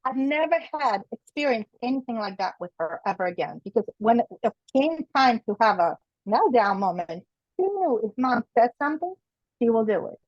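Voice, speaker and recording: A woman's voice: on the high side, very animated, normal speed, a little mellow, dry recording, highs cut off. A middle-aged woman, a guest author, giving strong opinions and telling a personal story, acting out what people said. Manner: opinionated storytelling, acts out quoted dialogue. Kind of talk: conversational interview.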